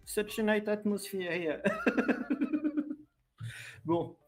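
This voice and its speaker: Male streamer, French accent, slightly raised voice, chatty and unsure of himself, soft music in the background. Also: high voice, steady tone, takes it slowly. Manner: chatty, hesitant, self-deprecating, laughs often. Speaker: live streamer. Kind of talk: casual live stream chat.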